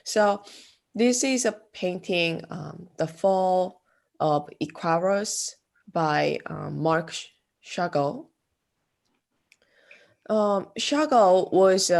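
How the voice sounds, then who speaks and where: A woman giving a classroom art lecture, speaking haltingly with many fillers. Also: fairly low pitch, creaky. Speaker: art instructor.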